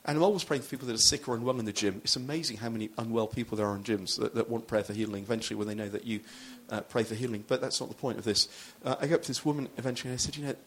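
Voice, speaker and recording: A man's voice: medium pitch, racing, few pauses, a bit bright, breathy edge. A man, a pastor, preaching a sermon in a loose, conversational storytelling way with frequent restarts.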